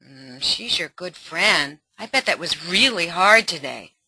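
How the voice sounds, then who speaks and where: A woman acting out a mother talking with her teenage daughter in a soft, soothing voice. Her tone is bright, and the sound is dry and close. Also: mid-range voice, lively intonation, moderate pace, no room sound, rough recording. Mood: empathetic. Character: mother of a teenage girl, gentle.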